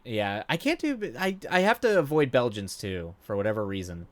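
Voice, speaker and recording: A man's voice: mid-range voice, big pitch swings, moderate pace. A man in his thirties chatting casually with his viewers while gaming at home at night, rambling and self-deprecating, with lots of fillers and idle humming. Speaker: livestream gamer.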